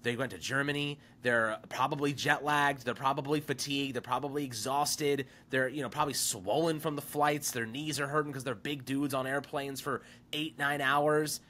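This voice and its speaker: Brief: male podcast co-host, tense bright voice, emphatic and opinionated on football. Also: medium pitch, fairly even intonation, normal speed, hardly any pauses. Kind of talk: casual sports talk.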